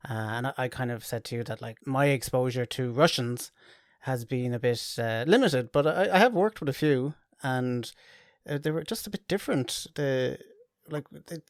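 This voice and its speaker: A man's voice: mid-range voice, moderate pace, no room sound, studio quality. A man hosting a podcast, chatting casually and telling anecdotes. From Ireland. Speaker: podcast host. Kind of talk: casual interview chat.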